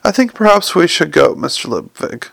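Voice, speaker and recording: A stiff, precise middle-aged bank clerk, formal and calm, as a male narrator plays him. Gravelly, dry and close. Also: a little high, moderate pace, dry recording, heavily acted.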